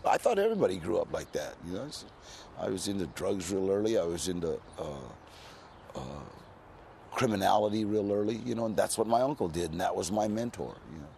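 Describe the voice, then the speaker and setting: A gravelly-voiced man in his sixties tells his stories in a relaxed, streetwise way, leaning on "you know" between thoughts. The voice sits at an ordinary middle pitch with a rough, crackly edge. A faint hiss runs under the recording. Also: a little fast. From California, US. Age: 60s. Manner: laid-back, streetwise storytelling with frequent "you know". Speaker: interview guest. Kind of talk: casual storytelling interview.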